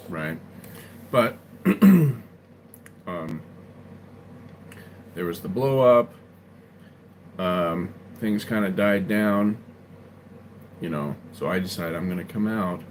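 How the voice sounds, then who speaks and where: A man talks slowly in a lowish voice on a casual home livestream. He rambles through a personal story, stopping often to ask "right?" as he goes. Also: noisy background. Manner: rambling, tags lines with "right?". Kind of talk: casual storytelling to a live chat. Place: at home, indoors.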